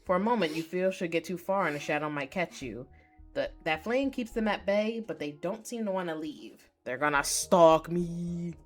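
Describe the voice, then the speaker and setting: A woman streamer reading a story game aloud live, excitable, swearing and reacting loudly between passages. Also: on the low side, moderate pace, soft background music. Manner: excitable, swears, squeals at cute moments.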